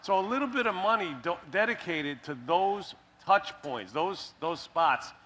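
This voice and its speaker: Impassioned bright-voiced man on stage. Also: sits high, animated, measured pace, slight background noise. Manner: impassioned, runs ideas together with restarts. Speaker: panel guest, activist. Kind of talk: earnest conference talk. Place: conference stage.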